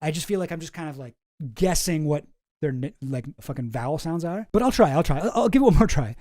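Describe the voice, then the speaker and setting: A man's voice: on the high side, lively intonation, fast talker, mellow, no echo, clean studio sound. A man hosting a commentary channel, talking in a casual, rambling, sarcastic way and swearing often.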